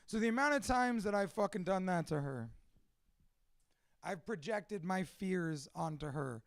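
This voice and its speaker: A man's voice: high-pitched, lively intonation, unhurried, no echo, clean studio sound. A man from a Cuban family, a father of two, telling his life story in a candid, profane, emotional monologue. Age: adult with two children.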